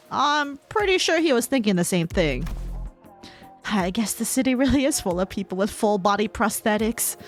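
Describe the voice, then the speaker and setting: A woman's voice: mid-range voice, expressive, normal speed, soft background music. A young woman streamer chatting casually over a game, giggling often and swearing freely. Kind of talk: casual gaming commentary.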